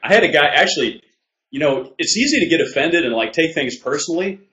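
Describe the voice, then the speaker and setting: Relaxed man, echoey room. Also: fairly high pitch, fast. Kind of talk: casual chat.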